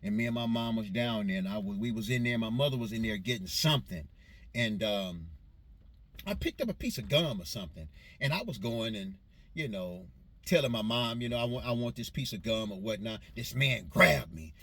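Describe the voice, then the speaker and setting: An animated man from Los Angeles tells stories of his childhood in a rambling, casual way, correcting himself as he goes in loose vernacular. His voice is fairly low and a bit bright, and he keeps a moderate pace.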